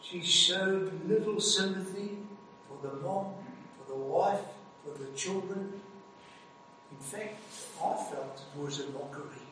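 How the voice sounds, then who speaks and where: A man preaching a sermon. He builds to emphatic peaks and stresses phrases slowly. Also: sits high, pushed and bright, slight background noise. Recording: echoey hall, heard from a distance.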